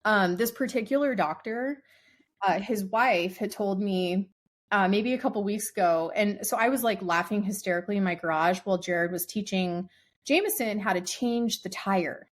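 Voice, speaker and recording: This is a woman in casual podcast chat, spinning a rambling story full of "like" fillers. She laughs often as she goes, and her voice sits at an ordinary middle pitch for a woman. The delivery is loose and conversational. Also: normal speed. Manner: animated, laughs often while telling a story. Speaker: podcast co-host.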